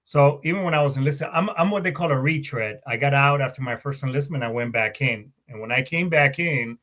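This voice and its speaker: This guest is a middle-aged man, a Marine Corps veteran and warrant officer, speaking briskly in a medium pitch with a fairly bright tone. He tells stories casually during an interview, meandering, cursing frequently, and fixing his own sentences as he goes.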